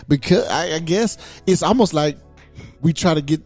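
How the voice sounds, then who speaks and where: A man's voice: on the high side, normal speed, a little mellow, faint music behind. A man co-hosting a podcast in casual, slangy chat, telling stories and laughing often. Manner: laughing, storytelling, loose slangy talk. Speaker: podcast co-host; boss at work, married father.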